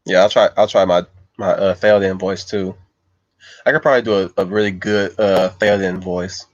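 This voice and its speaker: A man with a low, steady voice at normal speed hosts a livestream, reading chat and answering viewers' comments in loose, meandering fashion as he thinks aloud. The casual, rambling talk is captured on a slightly dull lo-fi mic, dry with no room sound.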